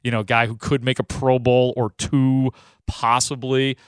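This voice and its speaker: A man's voice: medium pitch, level tone, measured pace, clean tone, no room sound, studio quality. A man hosting a sports radio show, talking in a casual, loose way with frequent restarts. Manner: chatty, loose, lots of restarts.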